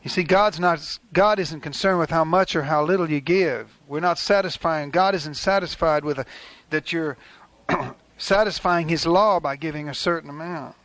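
An older male pastor delivering a sermon in a fairly high voice. He talks to the congregation in a folksy, conversational way and slips into quick acted asides. The sound is dry and close. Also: fairly bright tone, dry recording.

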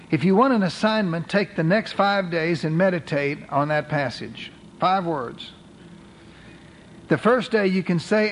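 A man with a notably high voice delivers an earnest sermon. He reads scripture slowly, leaning hard on single words, then presses his point to the congregation. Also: a little hiss or hum, rough recording. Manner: earnest preaching, slow emphatic scripture reading. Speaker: pastor.

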